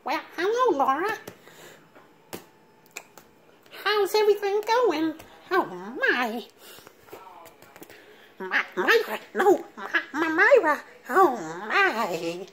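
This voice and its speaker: Steve Urkel, squeaky nasal nerd. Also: male voice, slow pace, exaggerated voice. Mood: fussy, flustered. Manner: lively squeaky swoops in pitch.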